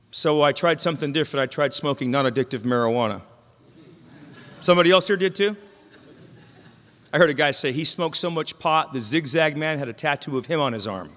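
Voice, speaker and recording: This Mexican-American man's voice runs on the high side and fairly bright; he talks a little fast but pauses often. Speaking at a recovery meeting, he recounts his story openly, with humor and questions to the crowd, and long hall reverb colors the sound.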